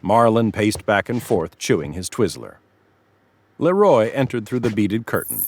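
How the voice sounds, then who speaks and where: A man reading scripted narration for a story with expressive delivery. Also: lowish voice, normal speed, no room sound.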